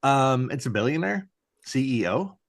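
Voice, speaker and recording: His mid-range voice is gravelly and swings widely in pitch, at a moderate pace, as he co-hosts a podcast recapping a TV episode. The chat is casual and rambling, heavy on "like" fillers and swearing, with mock character voices.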